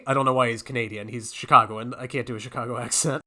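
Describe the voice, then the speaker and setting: A man co-hosting a podcast in casual chat, chatty, laughing often and tossing in quick asides. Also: mid-range voice, pushed and bright. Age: older than his co-hosts. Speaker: podcast co-host.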